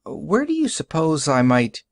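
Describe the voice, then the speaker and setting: A man's voice: on the high side, huge pitch swings, unhurried, gravelly, no room sound, voice pushed up, exaggerated voice. A man playing a guarded, careful stranger. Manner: careful, hesitant.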